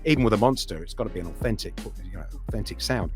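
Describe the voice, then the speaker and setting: A man's voice: on the low side, very fast, faint music behind. A middle-aged man from England, a voice actor chatting in an interview, full of restarts and sliding into accents as he talks. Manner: animated storyteller, slips into accents and impressions, hesitant restarts. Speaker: voice actor guest. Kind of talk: casual interview chat.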